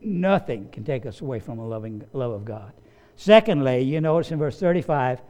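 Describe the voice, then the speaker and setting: A man's voice: mid-range voice, expressive, moderate pace, mellow. A man preaching a sermon as pastor, emphatic and repeating key phrases for weight.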